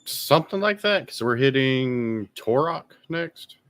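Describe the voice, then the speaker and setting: A man of middle pitch sits in as guest co-host on a casual show. He rambles, grumbles with frustration, and freely admits he is bad at the games he plays. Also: lively intonation, measured pace, fairly bright tone, no echo, clean studio sound. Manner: rambling, self-deprecating, griping with frustration. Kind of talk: casual podcast chat.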